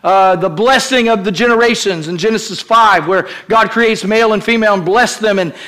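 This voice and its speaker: High, bright-voiced male pastor preaching. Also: brisk. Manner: preaching with rising, shouted climaxes and calls to the congregation. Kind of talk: sermon. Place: church sanctuary.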